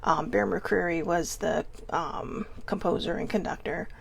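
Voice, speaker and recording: A woman hosting a candid personal vlog, speaking earnestly and haltingly as she searches for words, often restarting. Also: on the low side, steady tone, vocal fry, a little hiss or hum. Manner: earnest and open. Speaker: vlog host.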